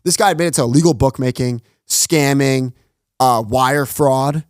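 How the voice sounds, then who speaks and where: A man's voice: mid-range voice, clean tone, dry recording. Chatty man telling stories in a dry studio. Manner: fast retelling, acts out quoted dialogue, heavy use of "like". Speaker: podcast guest, runs his own online show. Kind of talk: casual storytelling interview.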